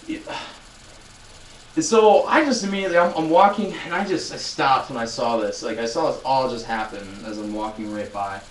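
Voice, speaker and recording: A man's voice: on the high side, animated, moderate pace, reverberant, recorded from a distance, a little hiss or hum, poor audio. A man in his twenties chatting casually on a live stream, telling a rambling story with many restarts and addressing viewers. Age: 20s. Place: loud room.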